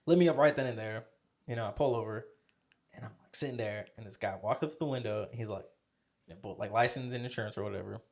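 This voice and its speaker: A man's voice: lowish voice, quick pace, creaky, a little mellow. A young man co-hosting a podcast, telling a story in a casual, profane, rambling way. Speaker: podcast co-host.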